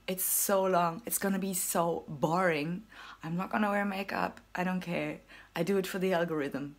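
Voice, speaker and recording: A young woman with a German accent rambles through a casual vlog, laughing at herself and dropping into whispered asides. Her voice sits a little low, with a husky, breathy edge. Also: moderate pace. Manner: rambling, giggly, self-mocking, with whispered asides. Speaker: vlogger.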